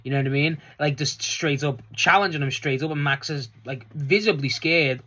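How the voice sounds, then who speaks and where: A chatty wrestling fan runs through last night's show at normal speed in a casual solo review vlog. There's plenty of cursing and laughter, and the pitch shoots up when the excitement hits.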